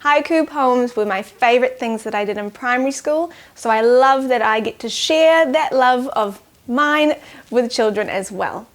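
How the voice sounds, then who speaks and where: A young woman teaching children in a cheerful manner, going slow and clear when counting syllables. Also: a little high. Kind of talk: children's lesson.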